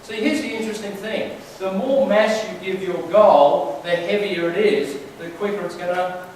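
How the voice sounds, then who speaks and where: In a big, very echoey hall, a fairly high-voiced man gives a conversational sermon at a moderate pace. He's relaxed and chatty, telling stories and questioning the crowd, while a distant mic catches a faint hum of room noise.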